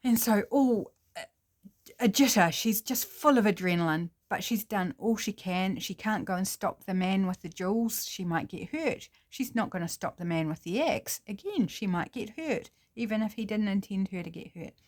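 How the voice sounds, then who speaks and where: A woman's voice: mid-range voice, lively intonation, normal speed. A woman with a New Zealand accent casually improvising a story, chatty with fillers and self-corrections.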